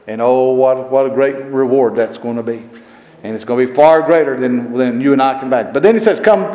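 A man preaching a sermon. He rises and gets louder on scripture and repeats verse references as he goes. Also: mid-range voice, a little fast, lo-fi sound. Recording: roomy hall echo.

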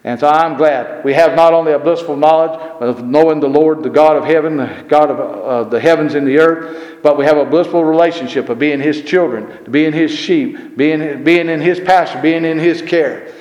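A man preaching a sermon. He rises and gets louder on scripture and repeats verse references as he goes. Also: a little high, normal speed. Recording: roomy hall echo.

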